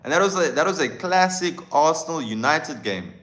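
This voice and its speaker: A man's voice: on the high side, big pitch swings, moderate pace, fairly bright tone. A man hosting a live football fan stream, talking passionately and chattily and greeting viewers by name. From South Africa. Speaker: football channel host.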